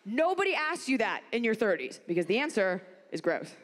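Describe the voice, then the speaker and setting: A woman's voice: on the high side, big pitch swings, fairly quick, long reverb tail. A woman in her thirties doing a stand-up routine on stage, telling confessional stories in a wry tone and slipping into mocking voices. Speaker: stand-up comedian. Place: comedy stage before a live audience.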